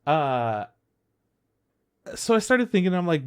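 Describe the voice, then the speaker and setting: A young man chatting casually as a podcast co-host. He tells stories with energy, swears freely and acts out what people said. His voice sits at an ordinary middle pitch. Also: normal speed. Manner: animated storyteller, acts out quotes, swears freely. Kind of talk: casual chat.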